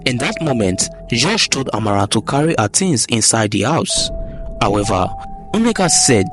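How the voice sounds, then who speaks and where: A man's voice: mid-range voice, big pitch swings, normal speed. A man narrating a folktale as storyteller. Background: background music.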